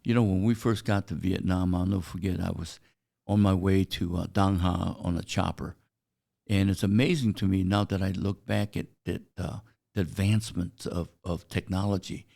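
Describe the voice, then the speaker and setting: This older man, born in China with Chinese as his first language, has a deep, gravelly, warm voice with fairly even intonation. He's a guest in a casual interview, telling anecdotes unhurriedly and haltingly, with lots of "uh."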